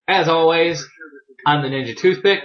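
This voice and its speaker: A man's voice: a little high, moderate pace, dull audio. Rambling young man reviewing a chapter. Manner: rambling, chatty, self-deprecating, swears casually. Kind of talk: casual video review.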